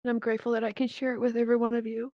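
A woman giving a personal faith testimony in an earnest, halting way, with many pauses and fillers, speaking into a VR headset microphone. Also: on the high side, flat delivery, no echo. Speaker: church member giving a testimony. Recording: dull, dry lo-fi headset audio.

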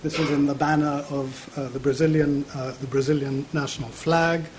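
Male lecturer in his fifties, fairly high voice, halting delivery with many fillers and repeats, public lecture in a university theatre. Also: level tone, background noise.

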